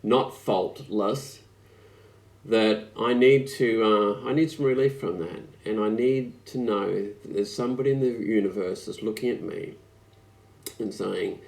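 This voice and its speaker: A man preaching an online sermon, speaking slowly and reflectively with frequent pauses and fillers. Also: on the low side, gravelly. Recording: echoey room.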